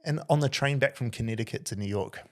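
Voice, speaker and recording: A man's voice: medium pitch, quick pace. Chatty man telling a story. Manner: energetic, says "like" constantly. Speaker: podcast host. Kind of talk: casual conversational storytelling.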